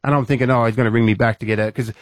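A man's voice: mid-range voice, fairly even intonation, rapid-fire, no echo, studio quality. An Australian man, a radio co-host, telling a story with energy and acting out his own lines in a raised voice.

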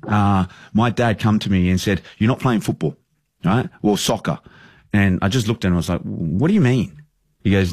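Brief: Australian football manager around 30, low voice, close dry sound, earnest rambler. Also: male voice, lively intonation, fairly quick, a little mellow, breathy edge, no echo. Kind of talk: casual podcast interview.

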